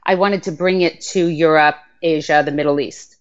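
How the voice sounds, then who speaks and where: A woman's voice: low voice, steady tone, normal speed. New York-accented woman, muffled audio. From United States. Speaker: guest author. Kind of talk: podcast interview.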